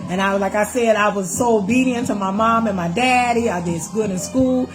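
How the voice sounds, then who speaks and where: A woman's voice: mid-range voice, normal speed, music in the background. A middle-aged woman telling her own life story in casual speech, acting out the voices of people in it and calling the listener "baby". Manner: Southern Black American vernacular, calls listener "baby".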